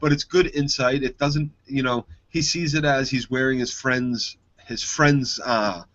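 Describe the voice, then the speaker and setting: A man co-hosting a casual podcast, talking in a measured, thoughtful way. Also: mid-range voice, fairly even intonation, a bit bright. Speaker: podcast co-host. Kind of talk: casual chat. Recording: muffled lo-fi audio.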